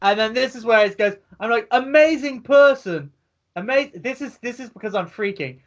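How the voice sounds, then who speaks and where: A man co-hosting a wrestling review podcast, animated and reading out his own excited comments in casual chat. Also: high-pitched, brisk. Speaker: podcast co-host.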